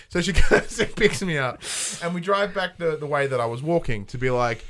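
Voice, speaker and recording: Animated Australian man, slightly high voice. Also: moderate pace, few pauses. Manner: animated storyteller, swears freely. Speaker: podcast host. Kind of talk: casual chat. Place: home studio. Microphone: headphones and studio mic.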